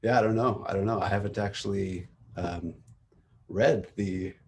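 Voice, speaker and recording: A man's voice: fairly low pitch, moderate pace, slight background noise. A man hosting a casual technical book club on a video call, thinking aloud and laughing often.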